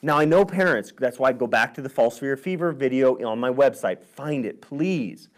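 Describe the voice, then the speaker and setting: A man's voice: mid-range voice, animated, moderate pace. A man hosting a health vlog who reads from studies and talks emphatically, getting worked up as he goes. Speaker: host.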